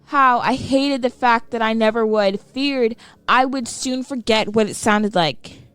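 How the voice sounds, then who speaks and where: Slow, dramatic woman horror narrator. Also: on the high side, a bit bright, clean tone, no echo. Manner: slow, emotional, dramatic reading. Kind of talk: scripted horror story narration.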